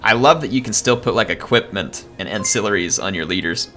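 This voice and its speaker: Bright, lively male game streamer. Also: on the low side, a little fast, faint music behind. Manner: chatty, excitable, thanks viewers. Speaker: gaming streamer. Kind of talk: live gameplay commentary.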